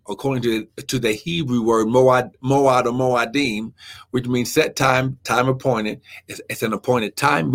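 A man preaching a live-streamed sermon, fervent and full of "amen" and "glory" exclamations, who talks to viewers while looking up his verses. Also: mid-range voice.

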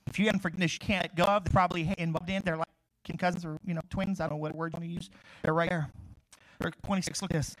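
A middle-aged pastor with a high voice preaches quickly, rising loud when he reads scripture and dropping low for personal asides. His stories come with humor and laughs. The sound is close and dry, with no room around it. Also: lively intonation, dry recording, poor audio. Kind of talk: sermon.

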